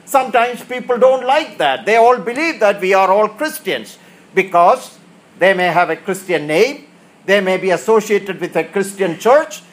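A man preaching a sermon, reading scripture and then explaining it with emphatic, repeated phrases. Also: sits high.

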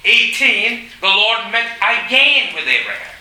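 A man preaching a sermon, reading scripture aloud and then commenting on it with pauses and fillers. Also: high-pitched, wildly swooping pitch, sharp tone. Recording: echoey room.

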